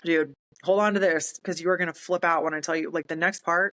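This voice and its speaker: A woman's voice: on the low side, fairly even intonation, brisk, fairly bright tone, low-quality recording. A woman, a military veteran telling her story in casual talk, acting out quoted voices and laughing in disbelief.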